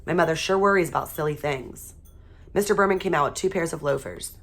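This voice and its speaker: Professora de voz grave lendo livro infantil. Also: female voice, sits low, brisk. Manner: steady, expressive storytelling. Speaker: teacher. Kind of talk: reading a children's chapter book aloud.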